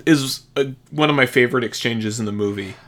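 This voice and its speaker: A man's voice: mid-range voice, a little fast, a bit bright. A man co-hosting a casual movie podcast, agreeing readily and adding nitpicks and asides. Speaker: podcast co-host.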